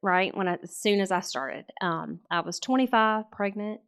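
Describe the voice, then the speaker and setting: Podcast guest: woman in her 40s, lively, laughs a lot as she tells her story. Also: mid-range voice, normal speed, smooth. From Mississippi. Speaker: podcast guest, real estate coach. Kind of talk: casual interview chat.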